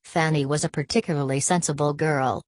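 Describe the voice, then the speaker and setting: Low-voiced woman reading an audiobook. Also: steady tone, a little fast, no echo. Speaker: audiobook narrator. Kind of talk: scripted narration.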